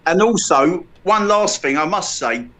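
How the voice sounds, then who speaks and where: A man in relaxed podcast talk, his voice sitting a little high. He is chatty and keeps stumbling over his words and cutting himself off. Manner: chatty, stumbling, self-interrupting. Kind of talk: casual podcast chat.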